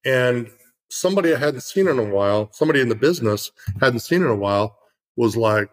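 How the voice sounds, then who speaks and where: A man's voice: medium pitch, animated, a little fast, low-quality recording. A middle-aged man in casual conversation, telling an earnest story with lots of fillers.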